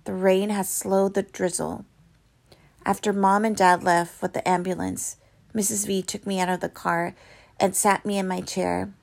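A woman reading a novel aloud, with dramatic storytelling that turns soft and hushed in quiet passages. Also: mid-range voice, flat delivery, moderate pace, creaky. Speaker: reader.

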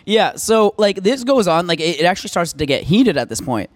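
A young man telling a story in casual chat, animated and laughing, swearing often and leaning on filler words. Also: sits high, a little fast, no room sound.

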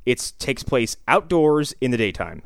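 A man's voice: mid-range voice, big pitch swings, measured pace, creaky, clear, resonant tone, no echo, studio quality. A man casually discussing a movie on a podcast, wry and digressive, often restarting his sentences. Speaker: podcast co-host.

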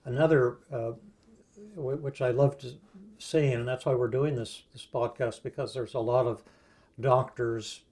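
Guy hosting a podcast, eager and encouraging, regular middle pitch. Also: fairly even intonation, unhurried, darkish tone. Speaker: podcast host. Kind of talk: interview commentary.

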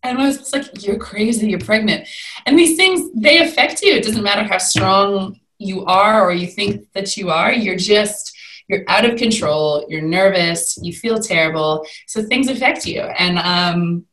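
A young adult woman, a guest in a conversational interview, speaking candidly and telling her story with lively swings in pitch. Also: a little slow, roomy sound, poor audio.

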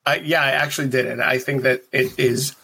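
Husky-voiced man chatting casually. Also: medium pitch, fairly even intonation, a little fast, bright, forceful tone. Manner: rambling, laughs often. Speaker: podcast co-host. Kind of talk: casual chat.

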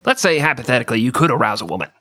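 A man putting on the voice of a fast-talking male political pundit, arguing in a rapid, mock-serious way. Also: mid-range voice, sing-song, bright, forceful tone, no echo. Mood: mock-earnest.

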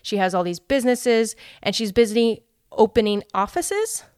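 A woman co-hosting a casual podcast, chatty and animated, slipping into voices when she quotes people. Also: fairly high pitch, moderate pace, smooth, no room sound, studio quality. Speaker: podcast co-host. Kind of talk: casual chat.

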